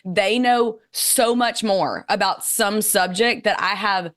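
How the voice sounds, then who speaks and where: A woman in her forties hosts a podcast in casual conversation. She sounds enthusiastic and affirming, with a voice of middle pitch. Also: slow pace, fairly bright tone. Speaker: podcast host.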